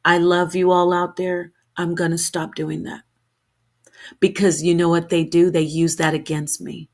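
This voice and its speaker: A woman's voice: lowish voice, flat delivery, measured pace, a little mellow. A woman streamer talking straight to camera in an unscripted rant, heated and defensive, rambling and restarting her sentences.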